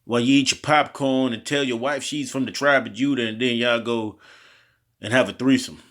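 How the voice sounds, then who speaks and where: A man's voice: mid-range voice, steady tone, fairly bright tone. Man giving a casual slangy Bible lesson. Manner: loose slangy delivery, often tagging "man" and "okay?"; halting over word pronunciations, restarting often. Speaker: street preacher teaching scripture. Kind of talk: informal Bible teaching.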